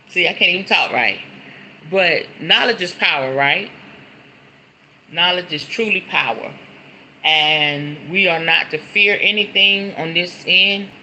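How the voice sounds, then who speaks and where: A middle-aged woman chatting on a livestream from home, her voice sharp and very bright. She talks straight to her viewers, repeats herself and keeps calling them y'all. A faint hiss of noise sits under her speech. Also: fairly low pitch, rough recording. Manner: chatty, repeats words, often says y'all. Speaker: spiritualist livestream host. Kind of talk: casual livestream chat to viewers. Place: at home, in front of a decorated backdrop.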